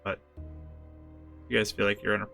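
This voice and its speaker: A man runs a tabletop game, narrating scenes and calling for rolls in a relaxed, easygoing way. His voice is bright with a gravelly edge. Faint music plays underneath. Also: on the low side, moderate pace. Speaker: game master.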